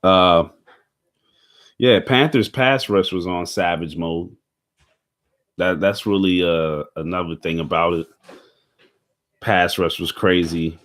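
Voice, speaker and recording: A young man talks through a football week in a loose, rambling way, thick with slang, swearing and fillers. His voice sits fairly low, and he burps now and then. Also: fairly even intonation, a little slow, pauses often, a bit bright. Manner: burping. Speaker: football commentator. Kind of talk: casual sports recap.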